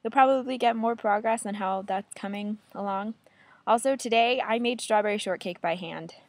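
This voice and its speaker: A woman's voice: medium pitch, moderate pace, no echo. A woman in her twenties talking casually to camera in a vlog, chatty and enthusiastic, often laughing. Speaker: book vlogger.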